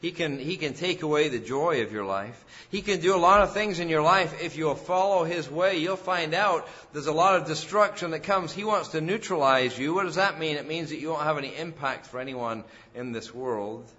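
A man preaching a sermon as a pastor, rising loud and emphatic on key phrases. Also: a little high, moderate pace, hardly any pauses, highs cut off.

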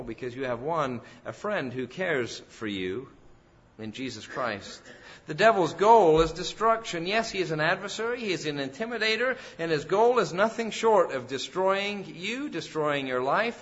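Emphatic preaching man, bright and forceful. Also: mid-range voice, highs cut off. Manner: emphatic preaching, rising loud on key phrases. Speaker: pastor. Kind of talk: sermon.

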